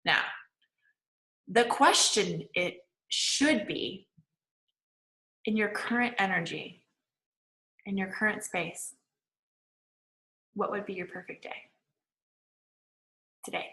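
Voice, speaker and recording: A woman's voice: mid-range voice, takes it slowly, pauses often, pushed and bright, roomy sound, poor audio. A woman manifesting coach giving a casual online lecture, chatty and full of "like". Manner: chatty, peppered with "like" and laughs.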